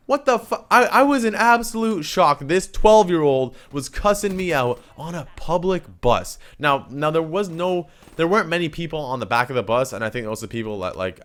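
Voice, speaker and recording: Young Canadian guy, mid-pitch, spins a story for his viewers with lively swearing and acted-out quotes. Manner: animated, swears freely, acts out quoted lines. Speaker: vlogger. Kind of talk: casual storytelling to camera.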